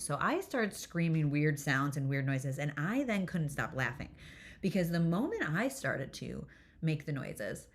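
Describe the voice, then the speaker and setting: A woman's voice: deep voice, moderate pace. A woman hosting a solo podcast, telling a candid parenting story in a chatty, self-deprecating way, laughing often and swearing casually. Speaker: podcast host, nervous system coach.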